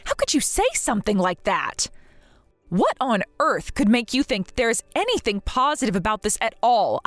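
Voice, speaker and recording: Casting: a woman doing a hurt, grieving young wife for a story drama, earnest and pleading, expressive pitch. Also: brisk, dry recording, faint music behind.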